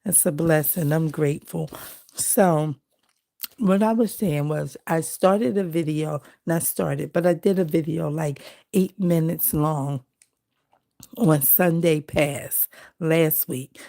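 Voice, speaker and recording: A woman hosting a casual livestream, chatting with viewers in a relaxed, rambling way while she collages. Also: low-pitched, slow pace, creaky. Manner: chatty and rambling, greeting viewers, many fillers. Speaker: livestream host. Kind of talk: casual live-stream chat while collaging.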